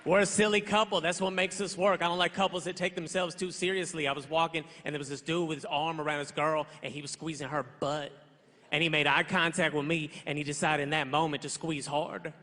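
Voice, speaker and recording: A man's voice: fairly high pitch, level tone, a little fast, sharp tone. A young man performing a stand-up comedy set on a big stage, casual and punchy, with slangy asides. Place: large theater stage with live audience. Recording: live hall with crowd noise. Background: audience laughter and applause.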